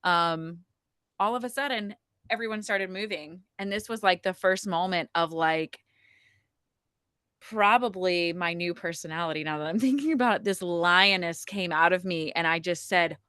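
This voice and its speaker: A woman telling a personal story in a casual podcast conversation, chatty and animated, with plenty of "like" and "um". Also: on the low side, moderate pace, clean tone, no echo, studio quality. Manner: chatty, frequent "like" and "um" fillers, animated retelling. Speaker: podcast guest telling her birth story.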